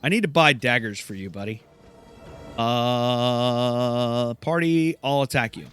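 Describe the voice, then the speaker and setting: A man's voice: medium pitch, takes it slowly, fairly bright tone, faint music behind. A man commenting on his gameplay in a rambling, chatty, self-deprecating way. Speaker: gameplay host. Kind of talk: let's play commentary.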